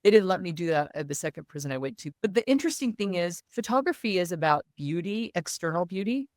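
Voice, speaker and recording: On a dry, clean studio recording, a woman with a lowish voice talks fast while earnestly telling a personal story as a guest in an interview. She brings it to life by performing the dialogue of others.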